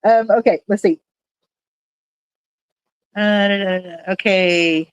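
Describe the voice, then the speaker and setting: A woman talking casually on a livestream from her home, wandering from one thought to the next and laughing often. Her voice sits at an ordinary middle pitch. The sound is dry and close, with no room echo. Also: fairly even intonation, takes it slowly, smooth. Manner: rambling and chatty, with frequent fillers and laughs. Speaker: livestream host reading chat. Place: at home in a room with fish tanks.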